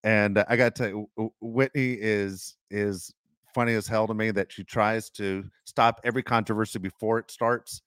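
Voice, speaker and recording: A man's voice: on the low side, fairly even intonation, moderate pace, fairly bright tone, clear, resonant tone, dry recording. A man co-hosting a podcast in casual chat, chatty and often stammering and repeating words. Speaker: podcast co-host.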